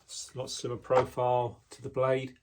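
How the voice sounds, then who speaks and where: A man casually showing the knives he makes, talking in a relaxed way with frequent ums and restarts, indoors in his workshop. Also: mid-range voice, moderate pace. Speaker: knife maker. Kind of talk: casual product walkthrough.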